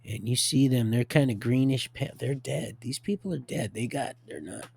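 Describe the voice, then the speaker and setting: A man hosting a livestream, rambling through a religious monologue, swinging from hushed to loud and laughing often. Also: mid-range voice, normal speed, creaky, breathy edge. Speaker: livestream host.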